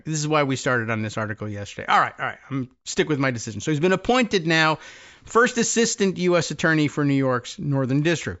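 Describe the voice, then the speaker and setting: A man's voice: a little high, fairly bright tone, muffled recording. A man hosting a political talk show, rambling and wry, often stopping and restarting his sentences. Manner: rambling, self-interrupting, wry. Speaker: podcast host.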